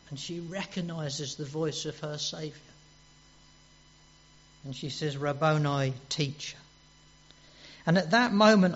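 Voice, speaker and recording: A man with a high voice preaches a sermon. He is earnest, repeats his words and asks his listeners questions. The recording is dull and lo-fi, with mains hum underneath.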